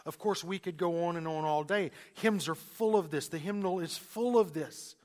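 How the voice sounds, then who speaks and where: A man's voice: on the high side, normal speed, darkish tone. A man preaching a sermon as pastor, emphatic, repeating phrases and restarting mid-sentence.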